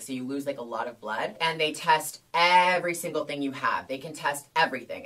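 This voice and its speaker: A woman spilling a candid storytime for her vlog, rambling and animated, with "like" in nearly every phrase. Her voice sits low for a woman but comes across bright and forceful. She keeps the humor frank and self-mocking. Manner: chatty, animated, heavy use of "like". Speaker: vlogger. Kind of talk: casual storytime.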